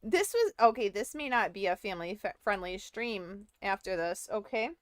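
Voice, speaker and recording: A woman's voice: mid-range voice, expressive, normal speed, no room sound, studio quality. A young woman streaming a game, chatting casually to her viewers, rambling and giggling often. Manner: giggly, rambling, talks to chat. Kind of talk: casual livestream chat while gaming.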